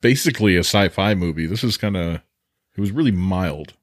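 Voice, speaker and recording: A man's voice: low-pitched, a little fast, no echo, clean studio sound. A man co-hosting a movie podcast, talking casually in an easygoing way and laughing often. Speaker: podcast co-host. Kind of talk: casual chat.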